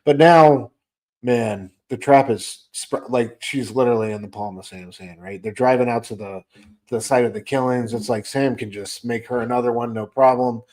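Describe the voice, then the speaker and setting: A man's voice: mid-range voice, fairly even intonation, moderate pace, darkish tone. A man co-hosting a podcast, casually and animatedly retelling a comic's plot and acting out the characters' lines. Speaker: podcast co-host. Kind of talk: casual comic book discussion.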